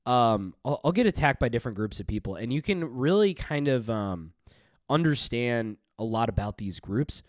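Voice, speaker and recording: A man's voice: medium pitch, lively intonation, moderate pace, dry recording, studio quality. A man giving casual, profane and sarcastic commentary over a clip he is playing. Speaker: commentary streamer.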